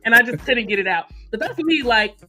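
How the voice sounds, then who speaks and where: A woman co-hosting a morning show in casual chat, animated and laughing often as she talks. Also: a little high, a little fast, over loud music.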